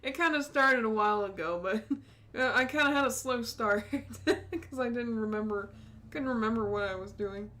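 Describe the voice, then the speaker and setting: A woman's voice: on the high side, normal speed, bright, forceful tone. A woman giving casual, chatty commentary while playing a game, laughing often. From United States. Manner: giggly, chatty. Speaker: let's play host.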